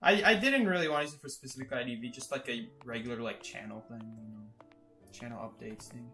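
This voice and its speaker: A man's voice: mid-range voice, fast talker, bright, forceful tone, soft background music. A man streaming a game and chatting casually with viewers, rambling, correcting himself and laughing often. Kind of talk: casual live-stream chat.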